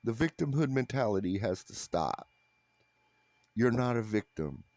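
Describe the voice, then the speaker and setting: A man delivering a blunt, sarcastic, profane rant to camera in a flat, unhappy-sounding voice. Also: on the low side, a little slow, no room sound. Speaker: vlogger. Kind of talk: ranting monologue to camera.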